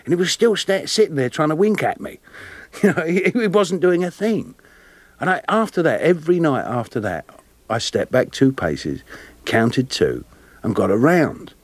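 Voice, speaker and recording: A man with a Cockney accent, a guest actor telling lively anecdotes with frequent laughter. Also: a little high, moderate pace, no echo. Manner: animated, laughing often, plays voices in his stories. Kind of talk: storytelling interview anecdotes.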